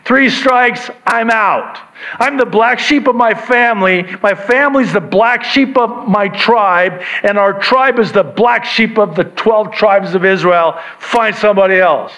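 A man voicing Gideon as a fearful, self-doubting young man who protests that he is the wrong choice. He lifts his voice above his usual pitch for the part. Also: measured pace, bright, forceful tone, low-quality recording. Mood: protesting.

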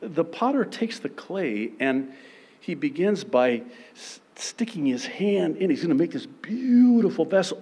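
Animated, theatrical male preacher. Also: fairly high pitch, a little slow, slightly rough. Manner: theatrical, acts out scenes with bursts of shouting and laughter. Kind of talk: sermon.

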